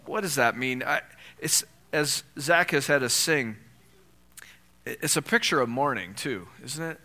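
A pastor with a mid-range voice delivers a sermon at a measured pace, his tone bright and forceful. He keeps it conversational, often posing rhetorical questions to the congregation and raising his voice when reading scripture.

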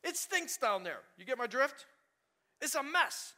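A man preaching a sermon in an animated, conversational way, full of rhetorical questions to the congregation. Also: extremely high pitch, a little slow.

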